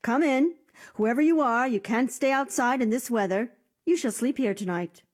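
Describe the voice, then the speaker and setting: A scheming, gracious queen from a bedtime fairy tale, as a woman reader puts her on. She speaks in a mellow, breathy tone with a sly, knowing air. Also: medium pitch, sing-song, a little slow. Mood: welcoming.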